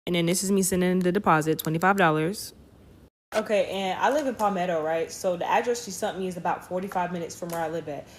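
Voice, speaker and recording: A woman's voice: on the low side, fast talker, slight background noise. A woman chatting straight to her viewers as she starts a story time. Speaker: vlogger. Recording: roomy room echo.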